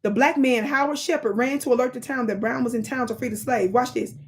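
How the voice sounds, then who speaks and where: Woman, livestream host, reading aloud, preachy, animated, talks to chat, fairly high voice. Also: fast talker, breathy edge. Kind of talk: live-stream commentary, reading history aloud.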